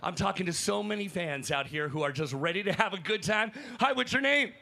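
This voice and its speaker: A man working as a roving hype host on a crowded convention floor, energetic and calling out to fans. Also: high-pitched, fairly quick, vocal fry. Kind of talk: live event hosting.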